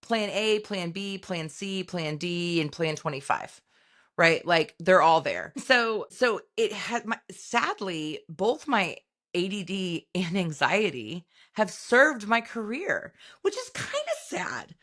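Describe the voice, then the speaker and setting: A middle-aged woman co-hosting a podcast, chatting casually and telling animated stories with sudden high-pitched acted-out moments. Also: takes it slowly. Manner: animated storytelling, jumps into high excited voices when acting out scenes. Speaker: podcast co-host. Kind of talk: casual chat.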